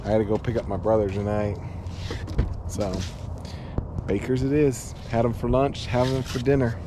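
A man's voice: little pitch movement, moderate pace, background noise. A man talking casually to an action camera while out walking his dog, at times out of breath. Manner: high sing-song baby talk to his dog. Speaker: vlogger. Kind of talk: casual daily vlog. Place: outdoors on a hot walk, then in a car. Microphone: handheld action camera.

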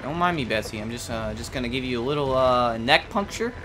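A man's voice: mid-range voice, lively intonation, a little fast, heavy background noise. A man giving casual, playful gameplay commentary, swearing and joking as he talks to the creatures on screen. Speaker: let's play gamer. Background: game music.

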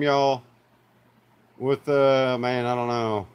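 A man's voice: medium pitch, unhurried. A man with an Oklahoma accent, hosting a live stream in a loose, rambling way, full of fillers and "y'all" to his viewers. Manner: laid-back, rambling with many fillers, calls viewers y'all. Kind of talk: casual live-stream chat.

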